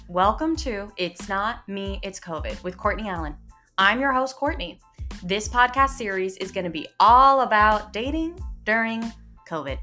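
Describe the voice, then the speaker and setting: Bright, nervous young woman podcast host. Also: fairly high pitch. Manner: nervous, giggly, rambling with restarts. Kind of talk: casual solo podcast chat. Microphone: home recording.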